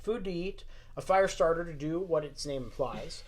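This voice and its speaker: A man's voice: on the high side, animated, normal speed. A young man with a Southern accent reading a story aloud and bantering, chatty, self-deprecating and a bit tipsy. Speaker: story reader, podcast co-host.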